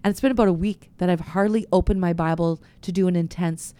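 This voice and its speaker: A woman pastor in a relaxed faith chat, her voice set a little low. She tells candid, confessional stories, stopping and restarting as she goes. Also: fast, smooth. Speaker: pastor and podcast co-host.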